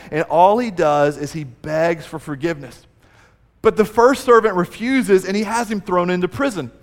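A man's voice: high voice, long reverb tail. A man preaching a sermon, earnest and building emphasis as he retells a story. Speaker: pastor.

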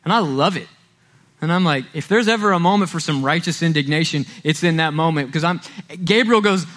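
A man preaching a sermon in a conversational, animated way, walking as he speaks. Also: a little high, a little fast.

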